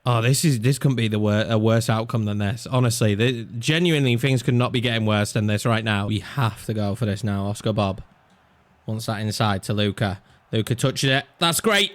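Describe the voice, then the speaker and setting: A young man giving live commentary over a football video game, exasperated and swinging between loud outbursts and low muttering. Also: animated, moderate pace. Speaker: gaming YouTuber.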